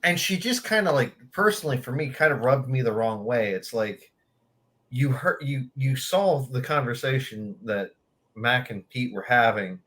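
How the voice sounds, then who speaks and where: A man's voice: medium pitch, expressive, moderate pace, fairly bright tone. A man co-hosting a podcast in casual chat, easygoing and agreeable, with lots of "you know". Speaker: podcast co-host.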